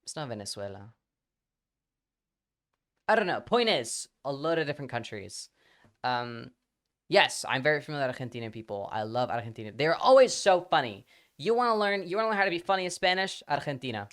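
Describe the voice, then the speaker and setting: A young man chatting casually on a livestream, rambling with lots of fillers and the odd swear word, and getting animated as he talks. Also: a little high, brisk, long pauses.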